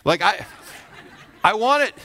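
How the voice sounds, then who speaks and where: Against a faint crowd, a pastor with a voice that sits high preaches slowly. He delivers his sermon conversationally, acting out characters' voices in animated stories and asking the audience questions.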